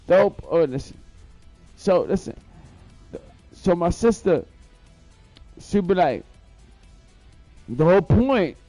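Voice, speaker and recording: Slow, gravelly high-voiced man rambling. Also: a little mellow, dry recording. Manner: profane, boastful storytelling full of repetition. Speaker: live streamer. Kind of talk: rambling live-stream monologue.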